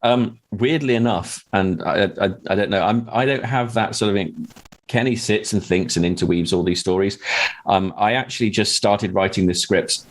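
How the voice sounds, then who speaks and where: A man's voice: fairly low pitch, normal speed. A man who writes scripts, talking in a hesitant, rambling way with many restarts. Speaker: podcast guest and script writer. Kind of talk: casual chat.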